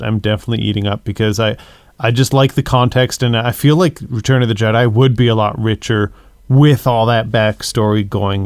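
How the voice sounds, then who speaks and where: A man's voice: medium pitch, clean tone, dry recording, clean studio sound. A man co-hosting a podcast, casually sharing his thoughts on films and agreeing with his co-host. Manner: thoughtful, agreeable, builds on the other host's points. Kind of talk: casual movie discussion.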